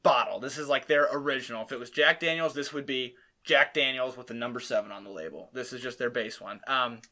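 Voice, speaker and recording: Bright-voiced man hosting a casual chat. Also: medium pitch, brisk. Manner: explains with many ums, chatty. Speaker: host.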